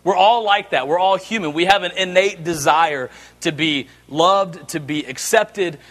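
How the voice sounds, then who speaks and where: Bright, high-voiced joking preacher. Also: male voice, a little slow. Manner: animated, joking storyteller. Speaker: pastor. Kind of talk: sermon.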